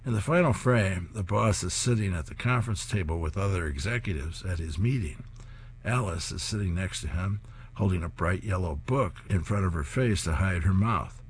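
A man's voice: sits low, normal speed, slightly rough. A man hosting a program where he reads comic strips aloud, chuckling at the jokes. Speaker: host reading comic strips. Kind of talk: reading service narration.

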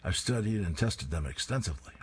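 A man's voice: low voice, animated, brisk, slightly rough, full character voice. A man voicing an eager young male soldier, reading his comic-strip lines with a lightly raised, earnest tone.

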